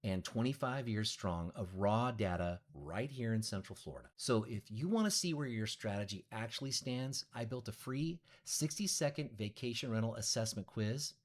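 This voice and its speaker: A middle-aged man, a real estate agent, telling a blunt, emphatic story in a monologue to camera. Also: mid-range voice.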